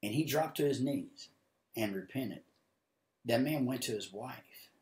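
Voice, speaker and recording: A man preaching a sermon live from his home office, telling stories in a folksy way and rising to loud, high-pitched exhortation. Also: expressive, unhurried, echoey room. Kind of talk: sermon with acted-out storytelling. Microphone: livestream camera mic.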